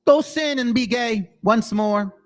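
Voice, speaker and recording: A man voicing a sarcastic caricature of a preachy holy man, scolding in a shrill tone. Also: a little slow, soft background music. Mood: mocking.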